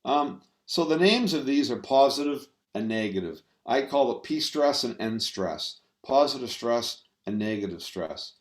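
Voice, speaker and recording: A man's voice: medium pitch, lively intonation. Guy giving a stress talk, lots of ums and restarts, echoey room. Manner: halting, many fillers and restarts. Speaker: stress management speaker. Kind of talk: presentation talk. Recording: roomy echo.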